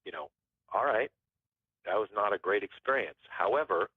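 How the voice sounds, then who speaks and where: A man's voice: lowish voice, animated, moderate pace, husky, no echo. A man telling a story as a podcast guest in a casual, rambling way, often restarting his phrases. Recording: tinny phone-line sound.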